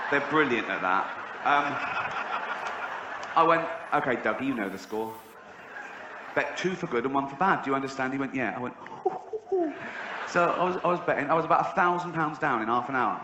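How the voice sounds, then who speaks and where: A middle-aged English man doing a stand-up set, telling stories deadpan and then jumping into high shrieks to act out other people. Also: dull audio. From England. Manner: deadpan storytelling that bursts into high shrieks when acting out others. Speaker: stand-up comedian. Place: large theatre stage before a laughing audience. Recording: roomy hall with audience noise. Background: audience laughter.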